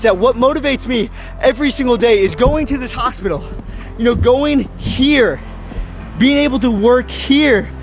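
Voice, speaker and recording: A young man in his twenties, a medical student vlogger, talking earnestly and a little preachily about motivation while filming himself on a handheld camera. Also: very high-pitched. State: out of breath. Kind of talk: motivational vlog talk.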